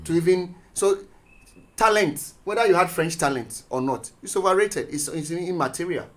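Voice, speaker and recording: A man's voice: high voice, moderate pace. A man, a teacher and guest, talking on a radio show and telling school stories with quoted voices. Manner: animated storyteller, acts out quotes. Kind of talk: radio discussion. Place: radio studio.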